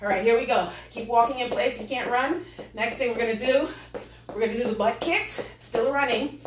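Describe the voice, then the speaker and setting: A woman's voice: on the high side, moderate pace, distant mic. A woman leading a live home workout, cheering viewers on and greeting them as she exercises, out of breath. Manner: upbeat coaching, greeting viewers. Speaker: fitness instructor. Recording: echoey room, voice from afar.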